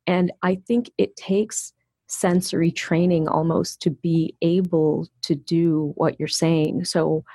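A woman's voice: lowish voice, fairly even intonation, slow, mellow, slightly rough, dry recording. A woman interviewer asking reflective questions and thinking aloud. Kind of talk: conversational interview.

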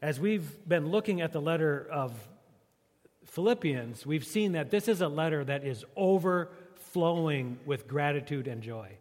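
A man's voice: on the high side, lively intonation, measured pace, darkish tone, long reverb tail. A man preaching a sermon as a pastor, in a joking, conversational way.

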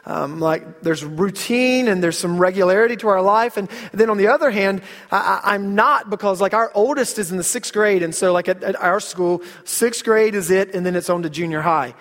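A man's voice: high voice, normal speed, few pauses, fairly bright tone. A man in his thirties preaching a casual, story-filled sermon, often repeating words as he starts a sentence. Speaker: pastor. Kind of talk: conversational sermon. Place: church sanctuary. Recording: long hall reverb.

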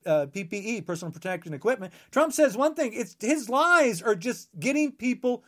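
A man's voice: very high-pitched, big pitch swings, normal speed. A man in his sixties delivering a heated, rambling podcast monologue, emphatic and full of restarts. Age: 60s. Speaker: podcast guest.

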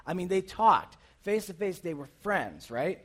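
Youth pastor, man, high voice, chatty sermon that keeps asking the crowd questions. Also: very animated, unhurried. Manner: conversational, asks the audience questions. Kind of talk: casual sermon.

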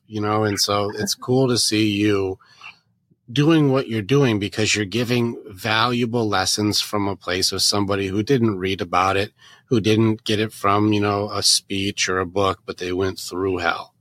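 A man's voice: fairly low pitch, fairly even intonation, measured pace, fairly bright tone, dry recording. A man hosting a podcast interview, talking emphatically and hammering his point home by repeating phrases. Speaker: podcast host.

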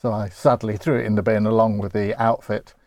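A man co-hosting a casual chat in an easygoing, gently wry way. His voice sits at an ordinary pitch and comes across dry and close, with no room sound. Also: level tone, fairly quick, no echo. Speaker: podcast co-host.

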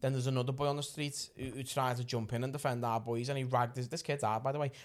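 A man, telling a rowdy story on a podcast, animated and breaking into shouting and laughter. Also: mid-range voice, quick pace. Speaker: podcast host.

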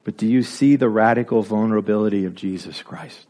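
A man's voice: on the low side, brisk, mellow. A man preaching a sermon, driving his points home with repeated rhetorical questions and building to emphatic peaks.

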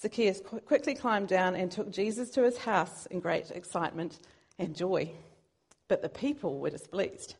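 A woman's voice: on the low side, normal speed, vocal fry, husky. A woman preaching a sermon in an earnest, conversational way, now and then poking fun at herself. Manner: earnest, conversational, self-deprecating.

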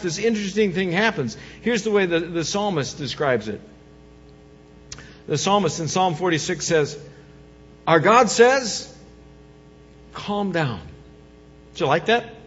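A male pastor preaching a sermon, moving from soft coaxing lines to loud, emphatic ones. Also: high-pitched. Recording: dull sound with long hall reverb.

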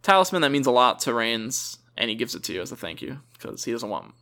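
A man's voice: medium pitch, very animated, quick pace, sharp tone. A young man co-hosting a casual gaming chat, rambling, correcting himself mid-sentence and laughing often. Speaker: podcast co-host.

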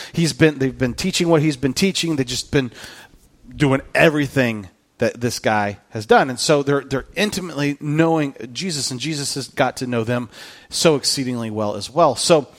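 Earnest, chatty preacher, fairly high voice. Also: male voice. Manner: conversational, earnest, repeats words. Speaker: pastor. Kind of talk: sermon.

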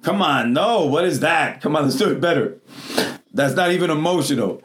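A man's voice: a little high, lively intonation, normal speed. A pastor preaching to his congregation. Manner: non-native English phrasing. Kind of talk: Pentecostal sermon. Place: church.

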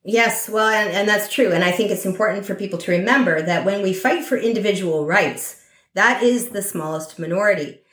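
A woman's voice: mid-range voice, fairly quick, fairly bright tone, roomy sound. A woman speaking as a podcast guest in a political conversation, thoughtful and hesitant, with many fillers and restarts.

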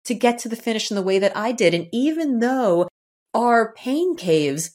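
A woman from the area, a guest on a podcast, telling a personal story in a lively way and acting out the quotes. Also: moderate pace. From Boston area, United States. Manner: lively, acts out quotes with shifting pitch. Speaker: podcast guest, author and speaker. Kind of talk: animated storytelling in conversation.

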